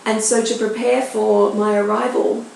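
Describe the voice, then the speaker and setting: An Australian journalist in her thirties, appearing as a guest on a podcast, tells anecdotes in a chatty way and acts out the voices of people she quotes. Her mid-range voice is gravelly and a little mellow, delivered flatly at a moderate pace. The room is very echoey, with faint background noise.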